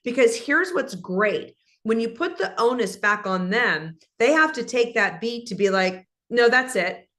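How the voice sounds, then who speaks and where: A woman guest in an interview, speaking in an animated, instructive way and acting out example conversations. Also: on the high side, measured pace, few pauses.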